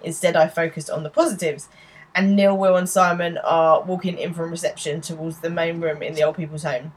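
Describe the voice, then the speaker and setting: A woman's voice: lowish voice, a little fast, slight background noise, low-quality recording. A woman in her thirties, casually narrating show scenes as a podcast co-host and quoting the characters' lines. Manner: narrates scenes, quotes lines in lively put-on voices. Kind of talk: casual recap chat.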